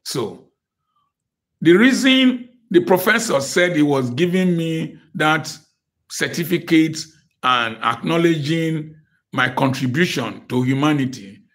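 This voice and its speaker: A man's voice: on the high side, lively intonation, slow, a bit bright. An older man from Nigeria giving an emphatic motivational lecture as guest speaker, with a preacherly style and repeated phrases.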